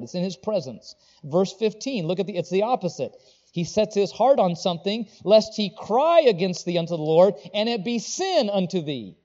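A man preaching a sermon, rising to loud, pressing emphasis and then dropping to low, earnest tones. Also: big-room sound, highs cut off. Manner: swings between loud preaching and quiet, low earnest talk. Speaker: pastor.

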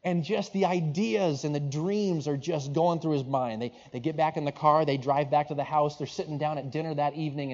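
A man with a darkish voice on the high side preaches a sermon, telling a story in a rambling, conversational way full of restarts and asides. The recording is dull and lo-fi.

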